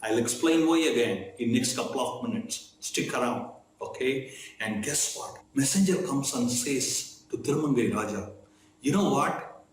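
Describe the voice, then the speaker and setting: A man's voice: medium pitch, normal speed. A man telling a devotional story in a conversational way, often checking in with "okay?" between his sentences. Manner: conversational, frequent "okay?" check-ins and fillers. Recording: very echoey room, faint noise.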